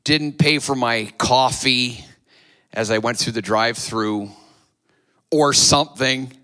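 A man's voice: medium pitch, slow, sharp tone. A man preaching a sermon to his church, retelling a story dramatically and acting out the voices. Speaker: pastor.

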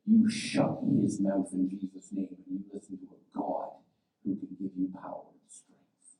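A man preaching a sermon as pastor, building from quiet explanation to loud, impassioned calls to his church. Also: sits low, monotone, measured pace. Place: church sanctuary. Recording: echoey church from a distance.

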